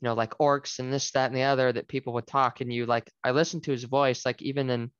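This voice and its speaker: A man co-hosts a book podcast, rambling with enthusiasm and lots of filler words. His voice is smooth and resonant. The recording sounds dull and dry, with no room echo. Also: mid-range voice, flat delivery, fast. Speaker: podcast co-host. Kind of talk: casual book discussion.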